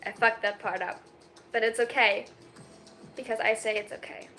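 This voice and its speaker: A woman in her twenties from Germany, chatting casually on a livestream over her phone, excitable and giggly with rambling self-mocking jokes. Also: fairly high pitch, normal speed, faint music behind. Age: 20s. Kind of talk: casual chat.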